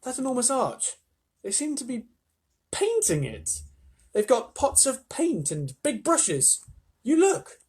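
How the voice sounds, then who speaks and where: A man's voice: very high-pitched, huge pitch swings, slow, darkish tone, pitched above the performer's own voice, full character voice. A man reading a storybook aloud, voicing an eager, curious young boy in a raised voice. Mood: wondering. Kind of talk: children's storybook read aloud.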